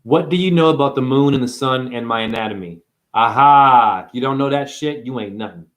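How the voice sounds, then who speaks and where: A man ranting to camera in an improvised, preachy monologue, swearing freely, firing off rhetorical questions and slowing down hard to hammer points home. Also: medium pitch, fairly bright tone. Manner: profane, emphatic, rhetorical questions; slows down hard for emphasis. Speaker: spiritual vlogger and store owner.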